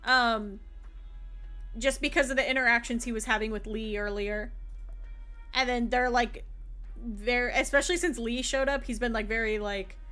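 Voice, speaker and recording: A young woman streaming a story game, chatting excitedly and filling her thoughts with "like" as she reacts. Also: fairly high pitch, normal speed, soft background music. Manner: chatty, lots of "like" fillers, excitable theorizing. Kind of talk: live gameplay commentary and story read-aloud.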